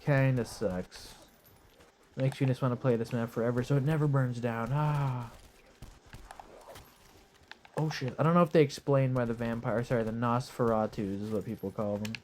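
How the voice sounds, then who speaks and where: A young man giving laid-back, rambling live commentary on a game while lying in bed, his voice hoarse and his nose stuffy, swearing casually as he talks. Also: mid-range voice, steady tone, moderate pace, pauses often, a little mellow, a little hiss or hum. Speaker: gaming commentator.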